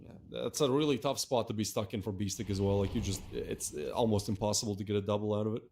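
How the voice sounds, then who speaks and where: A man's voice: lowish voice, steady tone, fast talker, a little mellow, slight background noise. A man giving chatty, laughing color commentary and analysis on an esports match.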